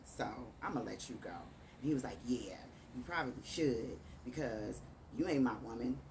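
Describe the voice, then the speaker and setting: A woman's voice: very deep voice, lively intonation, normal speed. A woman from Chicago with a Chicago accent, casually telling a dating story and acting out both sides of the texts. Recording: distant mic with clear background noise.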